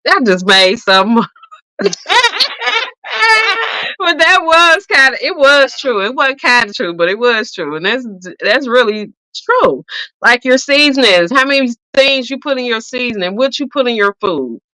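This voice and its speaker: Bright, animated woman chatting. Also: a little high, normal speed, dry recording, rough recording. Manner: animated, laughs often, Southern US slang. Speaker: podcast co-host. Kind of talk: casual chat.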